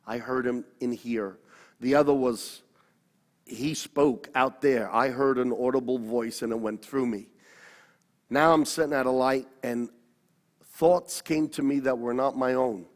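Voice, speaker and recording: A man's voice: mid-range voice, fairly even intonation, a little slow. A man, a pastor telling his personal story in an interview, earnest and often correcting himself. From Australia. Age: 60s. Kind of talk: personal testimony. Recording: long hall reverb.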